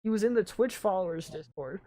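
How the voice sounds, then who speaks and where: A man's voice: high-pitched, animated, brisk, warm tone, no echo. A man hosting a casual podcast, telling stories in a rambling way and leaning on "like" as filler. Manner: rambling storyteller, heavy use of "like". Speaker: podcast host.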